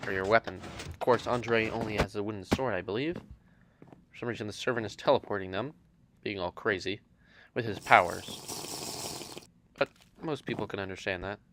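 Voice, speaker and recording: A man narrating a video game adventure in a deliberate, deadpan monotone narrator voice. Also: on the low side, noisy background. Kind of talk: comic gameplay narration.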